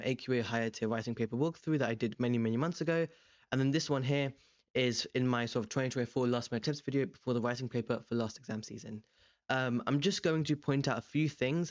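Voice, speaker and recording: A young man tutoring, walking through an exam question in a relaxed, rambling way with many ums and self-corrections. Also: mid-range voice, dry recording, dull audio. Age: young adult. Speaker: language tutor. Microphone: desk microphone beside a webcam.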